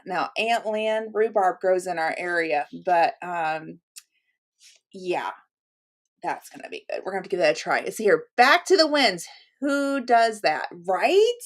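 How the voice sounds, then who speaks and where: A woman in the middle of her range, chatting casually at home as she unboxes gifts for her viewers. She gushes freely, gasping and laughing between exclamations. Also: mid-range voice. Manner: chatty and gushing, with gasps, laughs and "oh my gosh". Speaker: channel host.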